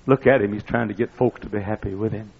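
An older man preaching a sermon, telling folksy stories that build up to excited shouting. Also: fairly low pitch, fast talker, vocal fry, husky. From East Texas. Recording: dull lo-fi recording.

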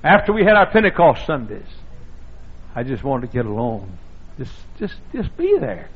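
An older man from the South, a pastor, preaching a sermon, husky and gravelly, and now and then breaking into sudden loud shouts. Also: medium pitch, very animated, normal speed. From American South. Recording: dull lo-fi sermon recording.

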